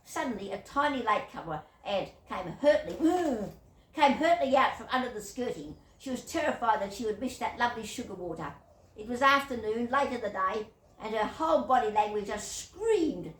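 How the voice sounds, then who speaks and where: A woman's voice: a little high, expressive, moderate pace. An older Australian woman rambling through whimsical anecdotes with chuckles and digressions. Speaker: YouTuber. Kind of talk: rambling storytelling monologue. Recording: echoey room, distant mic, faint hiss.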